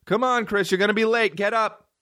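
A man's voice: high-pitched, steady tone, a little fast, bright, forceful tone, pitched above the performer's own voice. A man voicing his mother as she nags him every morning to get up for school, in a raised, insistent voice. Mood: nagging. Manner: nagging, insistent. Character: nagging mom waking her son for school.

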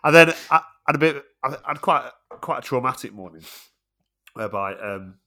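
A man's voice: mid-range voice, lively intonation, moderate pace, sharp tone. A middle-aged man, a teacher and podcast co-host, telling rambling stories in casual chat with frequent chuckles.

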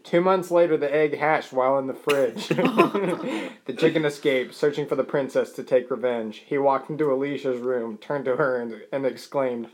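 A man's voice: mid-range voice, normal speed, noisy background. A man co-hosting a podcast, reading a comic story aloud and laughing through it. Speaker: podcast co-host.

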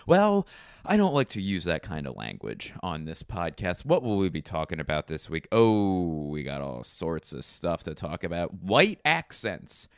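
A man hosting a comedy podcast, rambling through deadpan absurd asides. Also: low-pitched, a little slow, smooth, no echo, clean studio sound. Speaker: podcast host.

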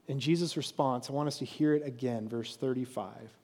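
A pastor preaching a sermon, telling the story with animated crowd voices. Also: male voice, mid-range voice, fairly quick, hardly any pauses, in a large hall.

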